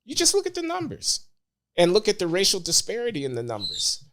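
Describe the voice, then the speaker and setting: An older man, a podcast guest, speaking in a measured, deliberate way that becomes emphatic. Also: high-pitched, wildly swooping pitch, a bit bright. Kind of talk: interview conversation.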